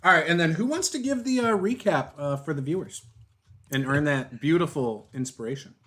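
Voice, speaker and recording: A man hosting a tabletop game as game master, introducing players in a relaxed, joking way. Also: a little high, a little fast.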